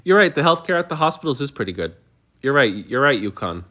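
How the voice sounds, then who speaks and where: A man's voice: medium pitch, big pitch swings, quick pace, pushed and bright. A man hosting a livestream, answering viewer comments in a heated, argumentative way with many stumbling restarts. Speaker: livestream host.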